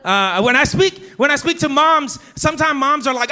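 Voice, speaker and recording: A pastor in his thirties preaches with a high, bright voice that rises and drops as he talks. His delivery is casual and conversational, swinging from quiet asides to sudden emphasis. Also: lively intonation, moderate pace. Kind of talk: sermon.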